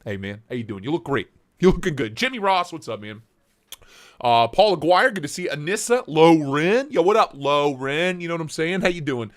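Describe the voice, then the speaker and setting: A man's voice: on the high side, animated, normal speed. A man hosting a casual live stream, joking around and greeting viewers by name. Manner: playful, jokey, reads chat names aloud. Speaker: livestream host.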